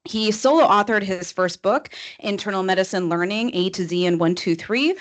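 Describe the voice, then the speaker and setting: Brisk Chicago woman introducing a speaker. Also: medium pitch. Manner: brisk, reads a list of honors quickly. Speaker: vice chair of education introducing a speaker.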